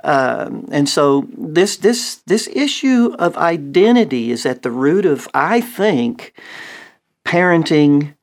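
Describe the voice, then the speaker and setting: A man's voice: a little high, animated, takes it slowly. A man speaking as a pastor in a Christian talk show, with an earnest, preacherly cadence.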